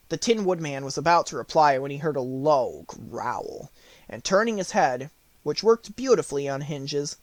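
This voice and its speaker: Lively male storybook reader. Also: fairly high pitch, dry recording. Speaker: audiobook narrator. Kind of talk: expressive storybook reading.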